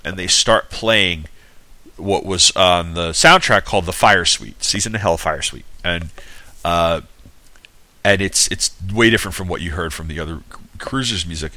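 Deep-voiced man rambling through a film recap. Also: normal speed. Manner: rambling, many restarts and asides; animated retelling with acted-out quotes. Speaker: film reviewer.

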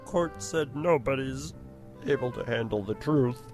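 A man's voice: mid-range voice, a little slow, faint music behind, close to an everyday voice. A man putting on the voice of Yoda, a wise ancient tiny green alien sage, humming and speaking in backwards-worded sayings. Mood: sly.

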